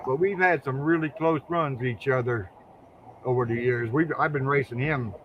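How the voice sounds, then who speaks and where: A man's voice: mid-range voice, normal speed, narrow, tinny audio, background noise. An older man from Ohio, a guest drag racer, telling folksy stories in casual interview chat, often repeating words and chuckling.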